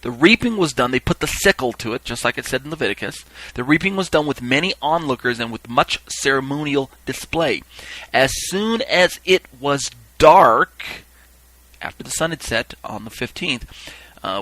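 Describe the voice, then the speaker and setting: A man's voice: mid-range voice, fast talker, bright, forceful tone, no room sound, low-quality recording. A man teaching a Bible lesson for a podcast, explaining as he goes, often checking in with listeners and using fillers.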